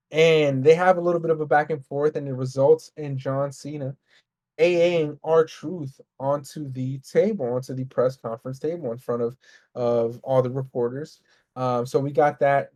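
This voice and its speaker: A man co-hosting a casual podcast, ranting in a heated, profane, fast way. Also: on the high side, darkish tone. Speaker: podcast co-host. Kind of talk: casual wrestling podcast rant.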